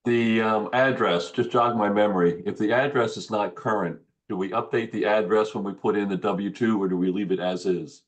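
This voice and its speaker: A man with a lowish voice asks a question in a hesitant way, stopping on "um" and "uh" to find his words. He is a trainee in the session. He comes through a video call. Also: steady tone, moderate pace, few pauses. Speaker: trainee volunteer.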